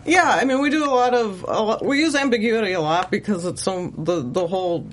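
A woman's voice: mid-range voice, brisk. A woman, a writer on the show, chatting as a guest, thoughtful and often laughing, with many restarts. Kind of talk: casual chat.

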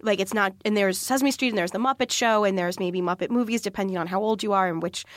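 A woman in her thirties co-hosts a podcast in casual chat. She talks earnestly and laughs easily. Her voice sits at a middle pitch in a dry, close recording. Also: fast talker, no echo. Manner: laughing often, earnest and chatty. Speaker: podcast co-host.

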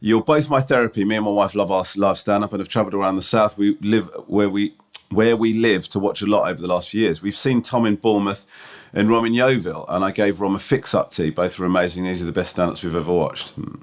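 A man co-hosts a casual podcast. His speaking voice sits somewhat low. He reads listener emails aloud and tells self-mocking stories, often restarting his sentences. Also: fast. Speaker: podcast co-host. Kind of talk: casual chat.

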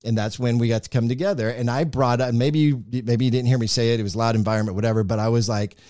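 Male podcast host, ex-radio personality, lively storyteller, close dry studio mic, mid pitch. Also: fast, no room sound. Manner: animated, acts out quotes in a raised voice. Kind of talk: casual storytelling interview.

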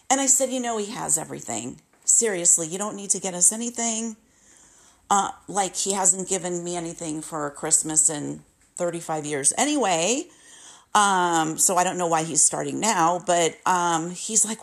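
A woman's voice: lowish voice, a little slow. Candid woman in her fifties, storytelling. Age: 50s. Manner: candid, emotional, repetitive retelling. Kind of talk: casual personal storytelling.

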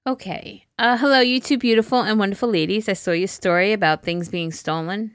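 A woman co-hosting a casual podcast, reacting to stories with animated comments and frequent laughter. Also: medium pitch, brisk, clear, resonant tone, no room sound, clean studio sound. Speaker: podcast co-host.

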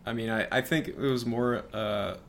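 Co-hosting a podcast about sports, a man chats casually but hesitantly, with many fillers. His voice is lowish with vocal fry and a moderate pace, and there's slight hiss or hum on the recording.

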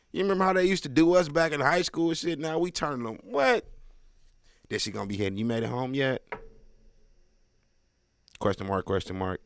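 Guy doing stand-up w/ AAVE, loud and animated, dry close sound. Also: medium pitch, no echo. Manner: loud, animated, slangy street talk with crowd asides. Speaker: stand-up comedian. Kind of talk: stand-up comedy set.

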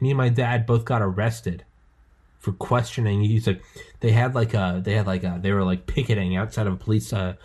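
Rambling, swearing podcast host. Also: male voice, lowish voice, a little mellow, breathy edge. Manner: rambling storyteller, swears, acts out quotes in a raised voice. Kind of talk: casual chat.

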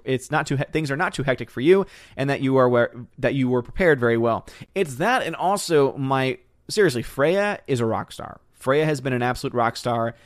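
A man's voice: mid-range voice, no echo, studio quality. A young man hosting a casual livestream, reading viewer comments aloud and chatting back in a rambling, easygoing way. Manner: chatty, rambling, laughs often, thanks viewers warmly. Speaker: livestream host reading chat.

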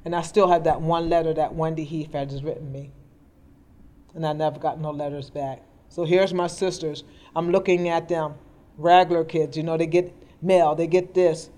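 A woman's voice: low-pitched, steady tone, normal speed, mellow. A middle-aged woman telling her life story in an interview, earnest and plainspoken. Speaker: guest. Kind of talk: personal storytelling in conversation. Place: indoor interview. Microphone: podcast mic.

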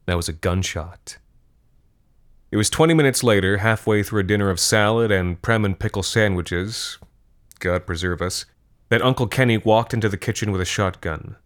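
Deep-voiced man narrating dark fiction. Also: brisk. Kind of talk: scripted horror fiction narration.

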